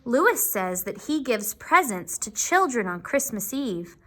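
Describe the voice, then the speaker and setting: Woman reading a kind little toy lamb, friendly and reassuring, bright lively voice. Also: on the high side, a little slow, full character voice.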